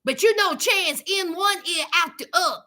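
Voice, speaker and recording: Sassy high-voiced woman recapping a show. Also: normal speed, bright, forceful tone. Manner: sassy, chatty, addresses viewers. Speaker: reality show recap host. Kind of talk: casual comedic recap.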